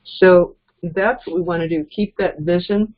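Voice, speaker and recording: A woman's voice: lowish voice, fairly even intonation, unhurried. A woman giving a casual, earnest motivational training talk as a network marketing trainer, chuckling between points. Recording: dull lo-fi recording.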